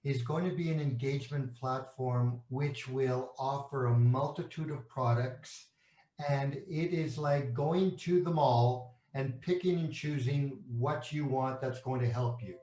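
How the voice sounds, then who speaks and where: Canadian executive in an echoey room. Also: male voice, medium pitch, unhurried, mellow. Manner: explains with analogies and rhetorical questions, frequent restarts. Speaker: company executive. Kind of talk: interview about a company's products.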